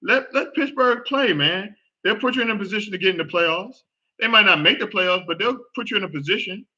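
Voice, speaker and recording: A man hosting a casual football talk show, reacting out loud with groans and exclamations as he watches a game. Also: high voice, brisk, dull audio. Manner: animated, exclaims and groans at plays. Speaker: sports podcast host.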